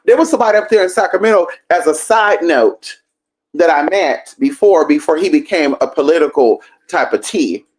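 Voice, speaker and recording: A woman hosting a livestream, telling a story in a sassy, profane, animated way. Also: low-pitched, moderate pace. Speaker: livestream host.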